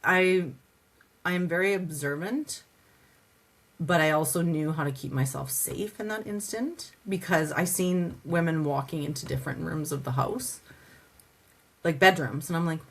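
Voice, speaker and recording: A woman's voice: sits low, moderate pace, slightly rough. A woman from Canada, a podcast guest and advocate, telling her story casually, acting out conversations with many "like" fillers. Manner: lively storyteller who acts out dialogue, many "like" fillers.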